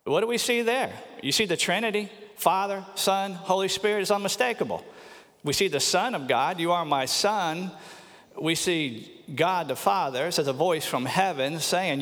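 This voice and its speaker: A pastor preaching a sermon with earnest emphasis, slowing down on key phrases and sometimes repeating words. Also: male voice, sits high, a bit bright. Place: church sanctuary. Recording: long church hall reverb.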